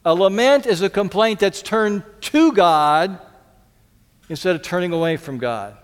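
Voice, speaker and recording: A man preaching a sermon as a pastor, earnest, repeating key lines for emphasis and dropping to soft pleas. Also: sits high, expressive, a little slow, clean tone, big-room sound.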